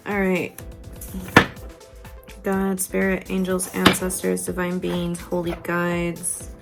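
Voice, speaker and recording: A woman's voice: lowish voice, completely flat delivery, slow pace, vocal fry, over loud music. A woman giving a tarot reading, talking frankly and intimately to the viewer, with casual swearing. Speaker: tarot reader.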